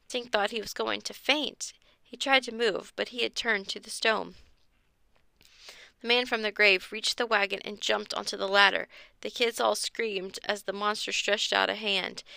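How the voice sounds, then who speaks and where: Woman storyteller for a kids' mystery book, expressive read, bright tone with some fry, dry booth sound. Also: no echo. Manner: expressive, pitches up for the children's lines. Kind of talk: reading a children's chapter book aloud.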